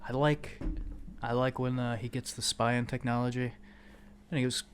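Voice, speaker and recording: A man's voice: medium pitch, level tone, normal speed, a little hiss or hum. A man co-hosting a podcast in casual chat, laid-back and chiming in with short enthusiastic asides. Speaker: podcast co-host.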